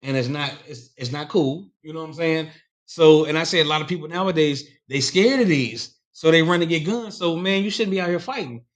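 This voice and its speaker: A man's voice: fairly high pitch, brisk. A man on a podcast telling a rambling, profane story in casual chat.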